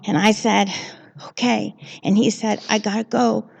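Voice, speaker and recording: A woman with a gravelly, slightly creaky voice serving as the reader at a church service. She tells a personal story in a heartfelt, earnest way. Her pitch sits in an ordinary middle range. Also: little pitch movement, measured pace, darkish tone. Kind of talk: church reading and personal sharing. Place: church sanctuary.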